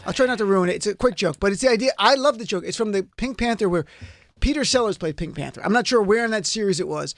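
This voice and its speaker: A man hosting a live panel talk show, telling stories in a joking, animated way. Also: sits high, fast, dry recording, clean studio sound.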